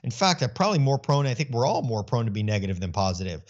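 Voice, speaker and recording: A middle-aged man speaking earnestly in an interview, telling stories with animated voicing of his own thoughts. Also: mid-range voice, fast, dull audio. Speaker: guest. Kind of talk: conversational interview.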